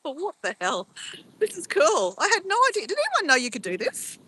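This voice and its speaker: A woman's voice: high voice, huge pitch swings, fairly quick, sharp tone, low-quality recording. A middle-aged woman chatting casually on a live stream from a phone held at arm's length, playful and giggly as she exclaims over camera filters. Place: outdoors near a beach.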